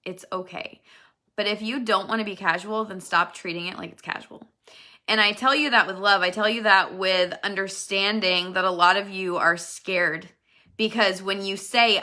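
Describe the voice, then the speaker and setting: A woman's voice: mid-range voice, steady tone, normal speed, sharp tone. A woman in her thirties giving her business team an earnest, emphatic motivational talk, repeating her key points. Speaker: network marketing team leader.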